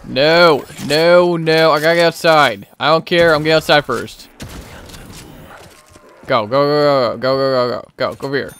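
With a slightly high, smooth voice at a moderate pace, a young man narrates his gameplay for his channel. The play-by-play is casual, but he gets worked up easily and yells out of frustration when something goes wrong.

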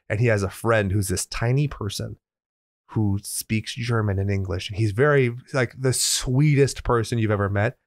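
A man's voice: lowish voice, dry recording, studio quality. A man co-hosting a casual film review podcast from his garage, joking and swearing freely. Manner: joking, profane, animated. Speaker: podcast co-host. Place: home garage.

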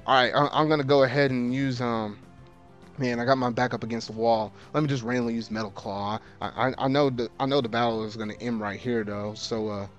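A man hosting a let's play of a video game, grumbling in casual slang and breaking into loud, exasperated outbursts as the battle turns against him. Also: medium pitch, fairly even intonation, a little fast, muffled recording, faint music behind. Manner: casual slang, repeats himself. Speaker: gaming video host.

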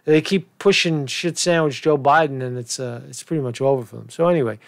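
A man's voice: mid-range voice, a little fast, creaky, dry recording. A man delivering a crude, mocking political rant as a commentary vlogger, swearing often. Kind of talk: profane off-the-cuff political rant.

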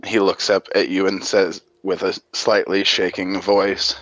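A man running a tabletop game narrates in a deep, unhurried voice. The audio is dry and a little dull, like a lo-fi home mic. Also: little pitch movement, fairly bright tone, no echo. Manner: measured, descriptive narration. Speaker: game master.

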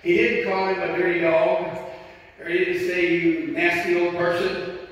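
High bright-voiced preacher in an echoey hall. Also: male voice, flat delivery. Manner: preaching with drawn-out words and frequent amens. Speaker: pastor. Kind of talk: sermon. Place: church sanctuary. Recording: echoey church hall from far off.

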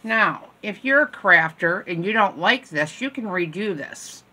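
A woman's voice: fairly low pitch, expressive, unhurried, pushed and bright. An older woman in casual, rambling chat, showing items from a store haul at home and joking at her own expense. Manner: chatty, rambling, self-deprecating. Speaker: haul vlogger. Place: home room.

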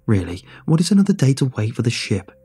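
A man's voice: mid-range voice, very animated, fast, mellow, husky, faint music behind. A man voicing a stubborn, skeptical male station chief in a story reading.

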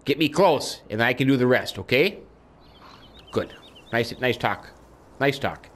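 Guy chatting thru a farming game, talks to his horse, gets squeaky when hyped. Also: animated, measured pace. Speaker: gaming YouTuber. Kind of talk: let's-play commentary.

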